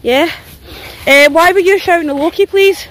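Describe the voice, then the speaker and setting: Very high-pitched and fairly bright, this Scottish dog walker vlogger talks at normal speed, with slight background noise, while strolling through the woods. She's tired and sore but keeps chatting to her phone, swearing and giving her dogs' thoughts a voice.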